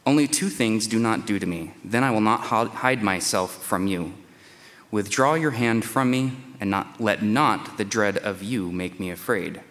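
A man's voice: lowish voice, unhurried, fairly bright tone. A man preaching through scripture, reading verses and acting out the speaker's pleas in a raised, dramatic voice. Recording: long hall reverb.

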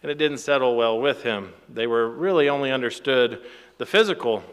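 A man giving a sermon in a relaxed, conversational way, with fillers and small laughs between points. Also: mid-range voice, normal speed, smooth, long reverb tail. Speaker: pastor.

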